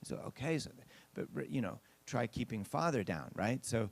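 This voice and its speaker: This male pastor, speaking mid-range with animation, vocal fry, and a moderate pace, shares an anecdote in his sermon with no echo in the recording. He talks straight to the congregation in a chatty manner, performing other people's lines as he goes.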